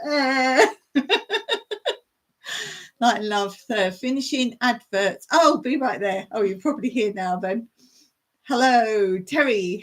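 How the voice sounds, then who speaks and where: A woman chats on a relaxed home live stream, rambling from one thing to the next and reading viewer comments out loud. Her voice sits fairly high, and she talks at an unhurried, leisurely pace. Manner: chatty, rambling, reads viewer chat aloud and laughs often. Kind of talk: casual live stream chat. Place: home in the countryside.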